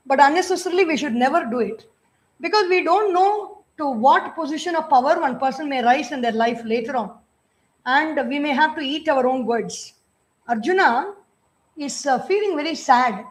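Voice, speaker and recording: Brief: Indian woman, high voice, spiritual teacher, chants verses then explains them plainly. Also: animated, normal speed. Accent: Indian English. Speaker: spiritual teacher giving a scripture discourse. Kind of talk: scripture discourse with chanted verses.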